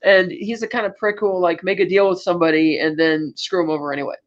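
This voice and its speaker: A man's voice: high voice, steady tone, muffled recording. A man co-hosting a podcast, casually retelling film scenes and acting out the lines as he goes. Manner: retells scenes acting out quotes in quick asides. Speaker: podcast co-host.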